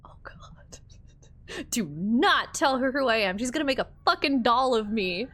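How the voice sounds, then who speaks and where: A woman's voice: a little high, lively intonation, moderate pace, a bit bright. A woman streaming a game, reacting with laughter and swearing as she talks to chat. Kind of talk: casual game commentary.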